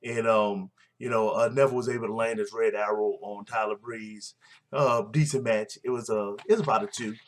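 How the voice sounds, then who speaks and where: A man's voice: on the low side, steady tone, a little fast. Blunt, rambling man. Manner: blunt, opinionated, rambling with fillers. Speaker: wrestling recap vlogger. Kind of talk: casual show recap.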